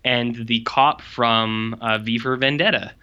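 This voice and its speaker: A man's voice: medium pitch, fairly even intonation, bright, forceful tone, clean tone, lo-fi sound. A man co-hosting a casual film chat, recapping plots in a rambling, jokey way. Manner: rambling, jokey plot recaps with quick put-on quotes. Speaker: podcast co-host reviewing films.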